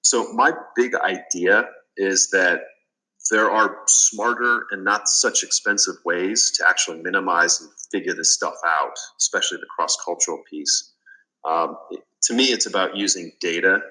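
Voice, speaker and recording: Male podcast guest, low pitch, bright and forceful delivery, talks earnestly. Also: moderate pace, poor audio. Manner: earnest storytelling with fillers and restarts. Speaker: guest, business consultant. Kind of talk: casual interview.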